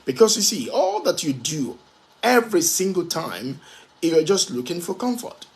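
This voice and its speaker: A man's voice: sits high, sing-song, moderate pace, creaky. A man giving a motivational talk to an audience, speaking emphatically and repeating key phrases for stress, at times spelling out words letter by letter.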